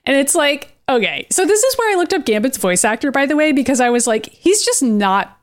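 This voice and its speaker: A woman's voice: high voice, big pitch swings, brisk. Wry young woman recapping a cartoon. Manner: laid-back, wry, swears casually. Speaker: podcast co-host. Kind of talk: casual chat recapping a cartoon.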